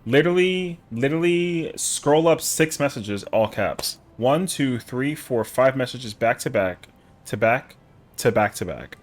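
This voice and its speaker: A man's voice: mid-range voice, animated, measured pace. A man streaming a game live, chatting casually with jokes, mock outrage and plenty of swearing. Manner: joking, profane, playfully indignant. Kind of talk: casual live-stream chat while gaming.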